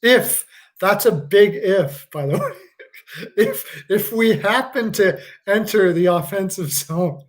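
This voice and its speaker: A man's voice: sits high, animated, slow pace. A man hosting a live stream, reacting casually to a hockey game. He jokes, laughs a lot and swears freely.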